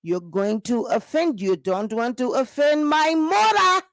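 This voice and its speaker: A woman voicing a patient young husband who coaxes his wife slowly. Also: high-pitched, lively intonation, dry recording, clean studio sound, pitched below the performer's own voice. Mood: coaxing. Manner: slow, coaxing, pleading.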